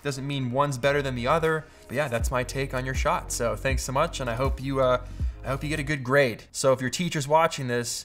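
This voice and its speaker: A man's voice: mid-range voice, steady tone, fairly quick, a bit bright, soft background music. A Canadian man in his thirties, casually talking through photo edits in an upbeat, joking vlog style. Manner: upbeat, joking, goes off on tangents. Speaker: photo-editing YouTuber.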